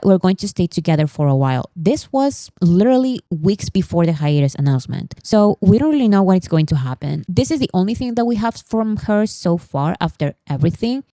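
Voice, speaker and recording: A woman's voice: lowish voice, warm tone, no echo. A woman hosting a casual pop culture vlog, chatty and rambling, with frequent asides and self-corrections.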